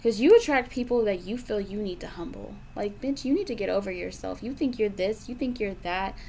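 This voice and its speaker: A young woman delivers a tarot reading in a frank, profane, emphatic way, circling back to the same points again and again. Her voice sits at a middle pitch, with a faint hiss of noise behind it. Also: fairly quick, gravelly, warm tone. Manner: blunt, profane, emphatic, with lots of repetition. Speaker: tarot reader.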